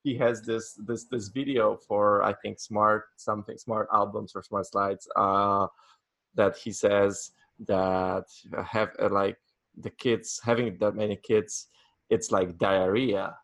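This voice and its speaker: A man, chatting casually as an interview guest from his home office, halting often with fillers and restarts. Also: fairly low pitch, level tone, gravelly, fairly bright tone. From Poland. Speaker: guest, wedding photographer.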